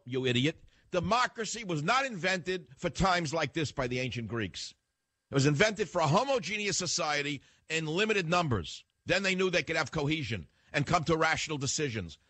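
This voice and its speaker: A man's voice: high voice, pushed and bright, dry recording. An older man hosting a talk radio show, delivering a combative, lecturing monologue straight at the listener.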